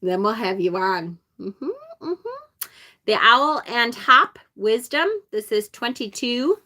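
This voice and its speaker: A woman's voice: a little high, lively intonation, unhurried, bright, forceful tone. A woman with an upstate New York accent, hosting a casual live-stream card deck unboxing, chatting and laughing with viewers. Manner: chatty, reads viewer comments aloud, laughs often. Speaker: tarot channel host.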